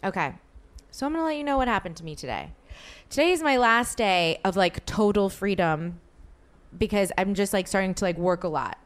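Smooth-voiced woman rambling through a story. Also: medium pitch, lively intonation, brisk. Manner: rambling storyteller, filler-heavy with many "like"s. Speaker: podcast host. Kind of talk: casual chat.

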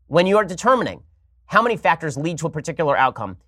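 Male political host, rapid-fire argumentative monologue, slightly high voice, dry close sound. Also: very animated, sharp tone, no echo. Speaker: political talk show host.

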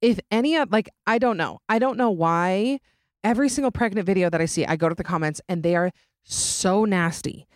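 A woman's voice: mid-range voice, brisk, no echo, clean studio sound. A young adult woman hosting a podcast, chatting casually and dramatically, often laughing. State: pregnant. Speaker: podcast host. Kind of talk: casual chat.

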